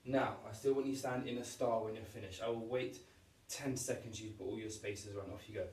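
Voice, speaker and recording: A man's voice: on the low side, fairly even intonation, brisk, darkish tone. A male PE teacher leading a home exercise lesson for young children, upbeat and encouraging as he demonstrates each move. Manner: upbeat, encouraging, demonstrating moves while talking. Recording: roomy echo, voice from a distance.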